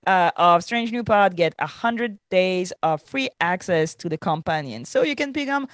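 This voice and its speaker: A woman's voice: fairly low pitch, lively intonation, moderate pace, no room sound, studio quality. Tired French-accented woman chatting on a podcast. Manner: chatty, laughing, many fillers. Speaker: podcast co-host. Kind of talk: casual podcast chat.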